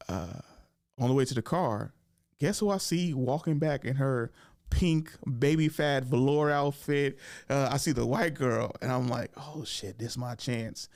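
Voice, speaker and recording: Gravelly-voiced male comedian telling a story. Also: medium pitch, darkish tone. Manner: loose and slangy, acts out the people in his story. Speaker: comedian and podcast host. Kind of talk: casual comic storytelling.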